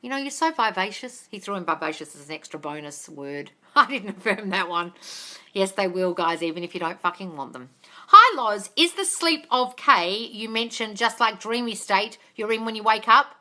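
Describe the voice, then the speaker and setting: A woman's voice: medium pitch, expressive, normal speed, sharp tone. A woman coaching viewers on a casual livestream from home, blunt and sweary, calling them darling. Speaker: manifesting coach answering live chat questions. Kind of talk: casual live-stream chat. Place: home, dog barking nearby. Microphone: phone livestream.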